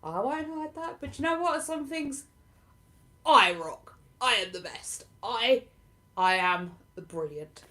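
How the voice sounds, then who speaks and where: A woman's voice: fairly high pitch, animated, takes it slowly, pushed and bright. A woman from southern England with a southern English accent tinged with Lincolnshire, a livestream host chatting casually with viewers, self-deprecating and laughing often. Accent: southern English, partly Lincolnshire. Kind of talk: casual live chat answering viewer comments.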